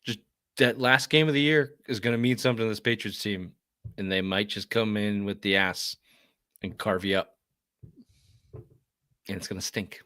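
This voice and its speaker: Low, bright-voiced joking Boston man. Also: moderate pace, pauses often, smooth, no room sound, clean studio sound. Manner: profane, joking, animated storytelling. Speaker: podcast co-host. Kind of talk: casual sports chat.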